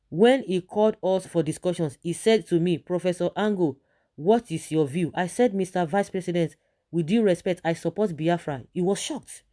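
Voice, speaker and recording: A woman presenting online news, reading a statement and then giving her own impassioned, emphatic commentary, her pitch jumping up on key points. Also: dark tone.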